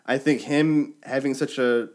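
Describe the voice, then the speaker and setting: A man in casual chat with friends, explaining fan theories in an animated way. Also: medium pitch, unhurried.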